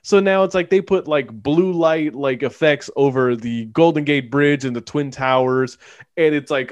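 A man co-hosting a casual movie-review chat, animated and sarcastic, laughing often as he talks. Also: mid-range voice, normal speed, no room sound. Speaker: podcast co-host.

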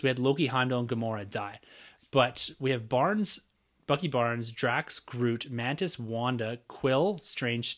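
A man's voice: medium pitch, a bit bright. Man hosting a podcast film review. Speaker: podcast host. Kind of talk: casual film review chat.

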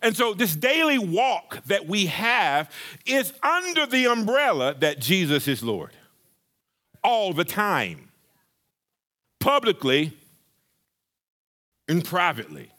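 Pastor guy preaching, high bright voice, super lively, acts out little scenes. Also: slow pace, pauses often. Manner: animated preaching with playful acted-out asides. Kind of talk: sermon.

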